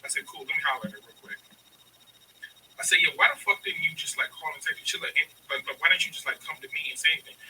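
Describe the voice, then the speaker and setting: A man's voice: a little high, fast talker, pushed and bright, far from the mic, slight background noise, rough recording. A man in his thirties telling a story in casual chat, profane and emphatic, acting out both sides of the arguments. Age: 30s. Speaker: podcast host telling a story.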